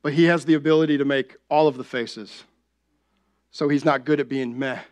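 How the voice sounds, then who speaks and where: A man's voice: medium pitch, steady tone, normal speed. A young adult man preaching a sermon as pastor, talking conversationally and often asking the congregation "right?".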